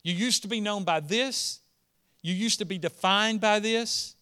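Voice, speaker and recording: A man preaching a sermon as pastor, moving between quiet storytelling and earnest, emphatic declarations. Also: high voice, a little slow, clean tone.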